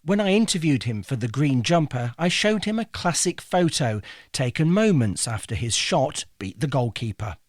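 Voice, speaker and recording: Male host, measured narration and prompting questions, dead-dry booth sound. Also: mid-range voice, sing-song, no room sound. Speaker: host and interviewer. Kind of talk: podcast interview and scripted narration.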